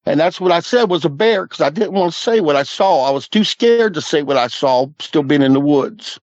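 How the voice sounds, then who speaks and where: A man's voice: a little high, lively intonation, brisk, no room sound, lo-fi sound. A man, earnestly recounting a personal encounter as a guest in a folksy, repetitive storytelling manner. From Southwest Missouri Ozarks. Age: 50s. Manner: earnest, folksy, repeats "I said" and "he goes".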